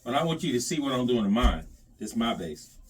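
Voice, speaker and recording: A lively man talks to himself and the camera as he works. His pitch swings all over, he sits back from the mic, and sanding and rubbing noise runs loudly under his voice. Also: quick pace, distant mic. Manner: animated, talks to himself and the viewers while sanding. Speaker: bass modder. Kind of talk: casual workshop vlog.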